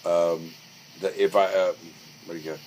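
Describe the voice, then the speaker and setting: A man's voice: sits low, level tone, moderate pace, a little mellow, poor audio. Rambling young man telling stories. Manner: rambling storyteller, lots of fillers and restarts. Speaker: podcast co-host. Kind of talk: casual chat. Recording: faint background noise.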